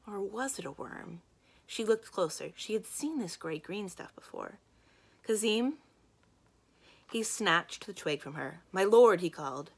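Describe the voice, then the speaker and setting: A woman librarian reading a children's book aloud in calm, steady narration. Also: on the low side, normal speed, breathy edge.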